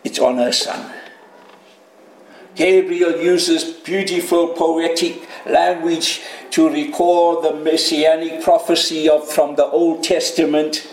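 A man's voice: on the high side, fairly even intonation, slow, echoey room, low-quality recording. A man preaching a sermon, emphatic and addressing his listeners as friends.

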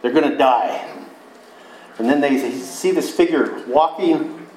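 A man's voice: a little high, slow, darkish tone, slight background noise. A man preaching a sermon, retelling scripture in a folksy, conversational storytelling way. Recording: echoey room.

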